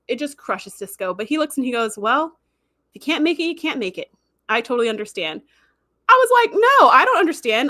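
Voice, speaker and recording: A young woman hosting a casual live chat, talking in a lively, animated way and acting out quotes as she goes. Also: a little high, dry recording, clean studio sound. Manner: chatty, animated, acts out quotes. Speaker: podcast host answering live chat.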